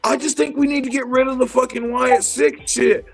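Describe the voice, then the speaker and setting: A man co-hosting a casual wrestling chat show, talking in an animated, profane, rambling way. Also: very high-pitched, moderate pace, gravelly, faint music behind, low-quality recording. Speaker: podcast co-host.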